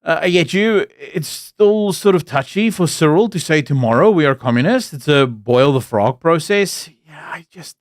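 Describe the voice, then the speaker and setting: A man's voice: fairly high pitch, no room sound, studio quality. A man around forty, from South Africa, with a mixed English accent that carries South African traces. He hosts a live stream of political commentary, talks bluntly and candidly, rambles with fillers, and greets viewers from the chat.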